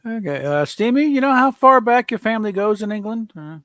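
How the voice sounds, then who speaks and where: A man's voice: high-pitched, expressive, a little fast, sharp tone. A man hosting a casual chat, rambling and laughing often with many fillers. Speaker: host.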